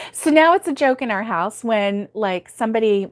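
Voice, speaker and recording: Chatty middle-aged woman hosting a craft stream. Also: a little high. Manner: chatty, laughs often, reads viewer comments aloud. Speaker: host of a live crochet stream. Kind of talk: casual live-stream chat.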